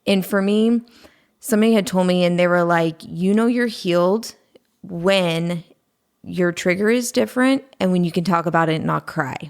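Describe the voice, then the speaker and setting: A woman in her thirties, a podcast guest, talking openly and calmly about her past, with many fillers. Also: lowish voice, moderate pace, smooth. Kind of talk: candid conversational interview.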